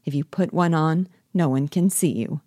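A woman reading the part of Doctor Rank, an ironic, dying family friend in a stage play, in a wry, measured way. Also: sits low, dark tone, no echo, clean studio sound.

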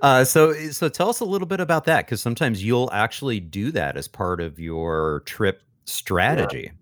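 A man's voice: medium pitch, sing-song, normal speed, a bit bright, no echo, studio quality. A man hosting an interview, asking questions with lots of fillers and restarts. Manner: hesitant, filler-heavy questioning.

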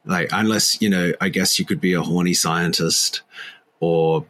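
A man's voice: low voice, fairly even intonation, normal speed, a bit bright. A man co-hosting a literary podcast, talking in a rambling, wry and self-deprecating way. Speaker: podcast co-host. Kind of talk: casual literary podcast chat.

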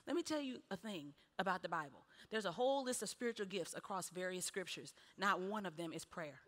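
A woman preaching a sermon, animated, with punchy repeated refrains and laughing between lines. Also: fairly low pitch, a little fast, hardly any pauses. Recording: long hall reverb.

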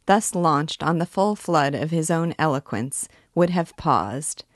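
Low-voiced woman reading a novel aloud. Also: dry recording, studio quality. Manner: measured, steady narration. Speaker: book reader, guide.

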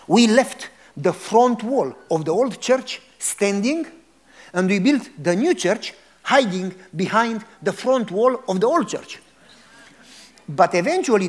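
Man, pastor, sermon, dramatic storytelling, high voice, questions to the congregation.

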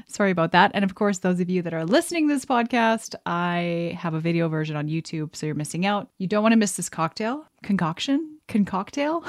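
A woman's voice: medium pitch, dry recording, clean studio sound. A woman hosting a podcast, chatting casually in a bubbly, giggly, rambling way. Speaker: podcast host. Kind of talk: casual chat.

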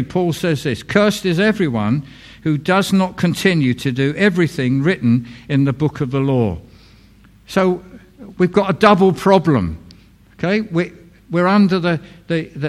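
A man preaching a sermon in an earnest, plain-spoken way, repeating key phrases and dropping his voice low for emphasis, with casual asides to the congregation. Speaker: pastor.

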